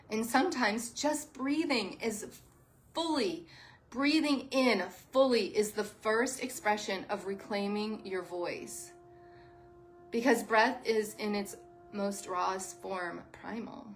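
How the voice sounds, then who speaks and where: Soft-spoken woman teaching yoga and sound healing. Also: mid-range voice, slow. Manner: soft, emotional, heartfelt, addresses viewers as "you guys". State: near tears. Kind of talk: livestream talk to viewers.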